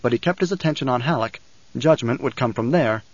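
A man narrating a novel in a measured, even storytelling manner. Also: mid-range voice, no echo, highs cut off. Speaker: audiobook narrator. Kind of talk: scripted narration.

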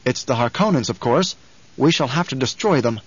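A man voicing a calm, watchful young nobleman, a duke's son, who speaks in a measured, matter-of-fact way, heard in an audiobook reading. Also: fairly high pitch, highs cut off, natural voice.

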